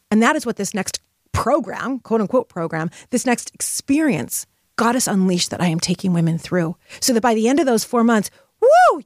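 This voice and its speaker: A woman's voice: medium pitch, a little mellow, no echo, studio quality. A middle-aged woman hosting a motivational podcast, speaking in an impassioned, emphatic, spiritual way. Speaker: podcast host.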